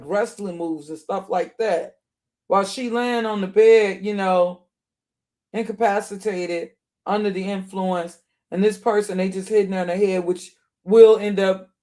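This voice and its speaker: A man with a notably high-pitched voice delivers reaction commentary. He talks in heated, repetitive bursts, doubling back on his points with outraged asides. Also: a little mellow. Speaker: online commentator.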